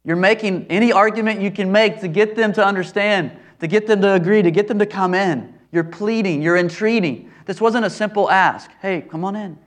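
A man's voice: sits high, a little fast, few pauses. A male preacher giving an earnest expository sermon, repeating phrases for emphasis.

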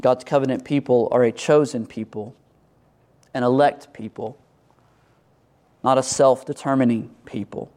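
A middle-aged male pastor preaching a sermon, animated, acting out the voices of biblical figures and church members. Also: mid-range voice, measured pace, pauses often.

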